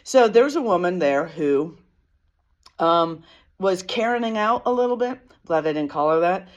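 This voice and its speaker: A woman's voice: on the low side, lively intonation, moderate pace, muffled recording. Tired woman telling a rambling story. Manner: rambling and self-deprecating, with many fillers and restarts. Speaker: vlogger. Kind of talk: casual storytelling.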